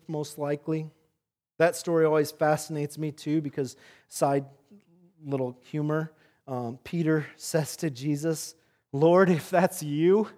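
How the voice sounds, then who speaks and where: A man preaching a sermon, telling a story with animation and swinging between loud and soft passages. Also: fairly high pitch. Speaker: pastor.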